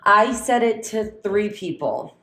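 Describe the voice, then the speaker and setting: This podcast co-host speaks slowly with a medium pitch, telling stories in a relaxed, casual conversation. Her retellings are animated, with her voicing the words of others as she goes.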